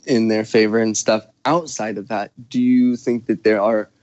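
A man hosting a casual conversation, talking slowly with many restarts and pauses while he searches for words. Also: fairly low pitch, fairly even intonation, darkish tone, no echo, highs cut off. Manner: slow, halting, searching for words.

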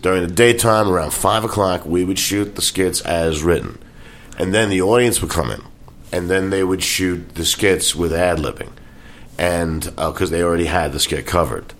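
Deep-voiced man telling animated stories. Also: normal speed, slight background noise. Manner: animated storyteller, acts out movie scenes; swears casually. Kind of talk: casual chat.

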